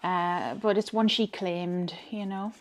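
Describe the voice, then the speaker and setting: A chatty woman with a broad Geordie accent talks to her camera as a tarot reader. She rambles freely and speaks her mind plainly. Her pitch sits in an ordinary middle range for a woman. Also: fairly even intonation, takes it slowly. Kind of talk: casual chat to camera.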